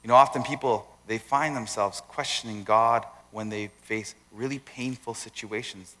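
A man's voice: lowish voice, fairly even intonation, normal speed, a bit bright. A male pastor preaching a sermon in a conversational way. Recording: long hall reverb.

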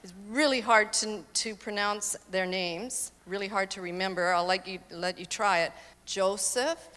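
A woman's voice: medium pitch, unhurried, a bit bright. A woman telling stories during a church slide presentation, chatty and engaging the audience with questions. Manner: chatty, quizzes audience, laughs easily. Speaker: missionary presenter. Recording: reverberant hall.

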